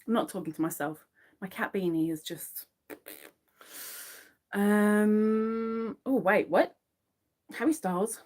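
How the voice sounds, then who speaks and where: Casual crochet streamer: woman, mid-pitched, slow and chatty, counts stitches quietly. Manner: chatty, murmurs stitch counts under her breath. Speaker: crochet livestream host. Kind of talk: casual chat to a live audience while crocheting.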